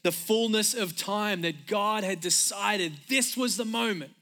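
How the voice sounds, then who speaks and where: A man preaching a sermon as pastor, emphatic and energetic, returning again and again to a repeated refrain. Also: high-pitched, measured pace.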